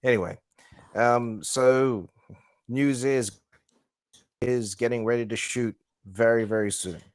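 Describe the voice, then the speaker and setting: A man with an Australian accent co-hosting a casual movie news podcast, relaxed and swearing casually. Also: mid-range voice, slow pace, dry recording, clean studio sound. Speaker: podcast co-host. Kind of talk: casual chat.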